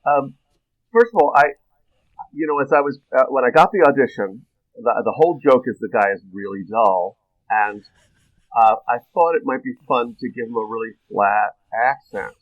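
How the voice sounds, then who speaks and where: A man, a guest actor on a podcast, telling animated behind-the-scenes stories in casual chat and laughing often as he talks. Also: medium pitch, normal speed, muffled recording. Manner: chuckling, animated anecdotes.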